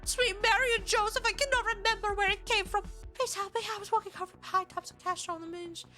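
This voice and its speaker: A woman putting on the voice of a frantic, burrito-obsessed young man in a dramatic reading, high and strained. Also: fairly even intonation, fast talker, bright, forceful tone, faint music behind. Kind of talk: dramatic reading of an online post.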